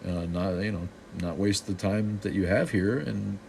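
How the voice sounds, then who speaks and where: Low-voiced, snarky man from Boston, middle-aged, hosting a loose live-stream chat. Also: normal speed, creaky, a little mellow, a little hiss or hum. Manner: snarky, joking, loose with many restarts. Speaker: live stream host answering viewer comments.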